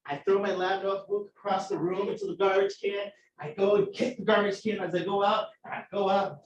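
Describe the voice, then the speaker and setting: A man teaching a chemistry class, telling a profane, animated story to his students. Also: high-pitched, a little fast, few pauses, a little hiss or hum. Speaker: chemistry instructor. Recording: echoey room, from far off.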